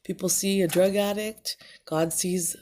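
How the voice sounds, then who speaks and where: A woman's voice: fairly low pitch, steady tone, unhurried, darkish tone, a little hiss or hum. A middle-aged woman recording a personal video message to her absent son, talking in a rambling, heartfelt way with lots of fillers.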